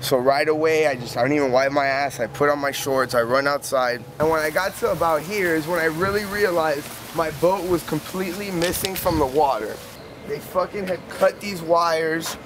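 A young man with a slightly high voice tells a rambling, profane story outdoors, leaning on "like" and restarting his sentences. Traffic and outdoor ambience come through clearly behind him on a noisy outdoor recording. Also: normal speed. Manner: profane, rambling, heavy use of "like". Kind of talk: casual spoken anecdote. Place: outdoors by a canal. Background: outdoor street ambience with passing vehicles.

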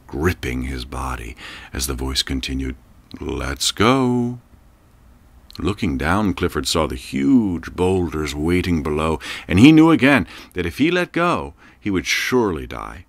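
A man narrating an audiobook in a slow, measured, reflective way. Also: very deep voice, animated, no echo.

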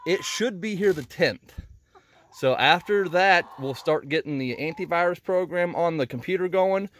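A chatty man with a slightly higher voice records a casual vlog inside a greenhouse chicken coop. He is a little out of breath and laughs often, with hens clucking around him. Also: moderate pace, fairly bright tone. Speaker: homesteading vlogger. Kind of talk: casual walk-and-talk vlog.

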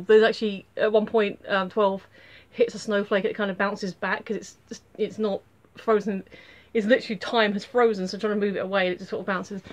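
Chatty woman rambling through a review. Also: mid-range voice. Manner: chatty, rambling with many fillers and restarts. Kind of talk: casual spoken review.

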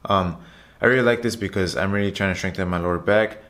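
Deep, a bit bright, and fast, this man's voice carries a casual vlog narration of his workout footage. As a fitness vlogger, he's chatty and repetitive, keeps addressing his viewers, and says "guys" all the time.

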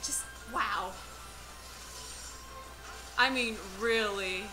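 A woman's voice: on the high side, very slow, low-quality recording. A young woman reacting to a video trailer, gushing and squealing with repeated exclamations. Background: trailer music playing faintly.

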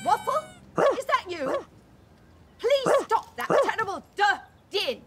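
A woman's voice: very high voice, big pitch swings, takes it slowly, heavily acted. An actress playing a prim, disapproving neighbour who scolds from her garden. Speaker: fussy neighbour. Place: outdoors in a garden.

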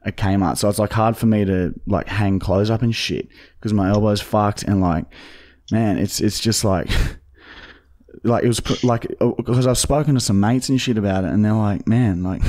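A man making a prank phone call, rambling deadpan with constant fillers. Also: lowish voice, normal speed. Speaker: prank caller.

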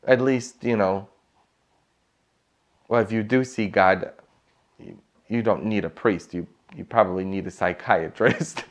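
A man's voice: fairly low pitch, unhurried, long pauses. A man preaching a sermon as a priest, telling stories with emphasis and humor. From Poland.

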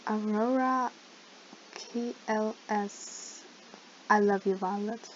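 A woman giving playful let's-play gaming commentary with sudden loud outbursts, her voice cracking. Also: medium pitch, fairly even intonation, takes it slowly. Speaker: gaming YouTuber. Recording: slightly dull lo-fi mic with faint noise.

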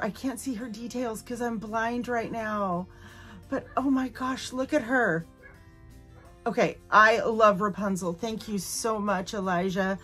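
A playful woman talks through an unboxing at a slow, unhurried pace. She giggles often and half-plays a spooky voice. Faint music runs in the background. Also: medium pitch, fairly bright tone. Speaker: unboxing YouTuber. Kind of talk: casual unboxing chat.

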